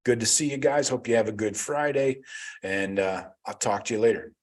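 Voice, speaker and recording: A man's voice: mid-range voice, normal speed. A man hosting a casual livestream, reading live chat comments aloud and rambling about them with loose, swearing banter.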